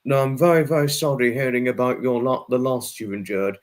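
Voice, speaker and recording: A man's voice: medium pitch, fairly quick. A man hosting a casual livestream, reading out comments and thanking viewers, rambling and apologetic, flaring into angry rants. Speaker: livestream host.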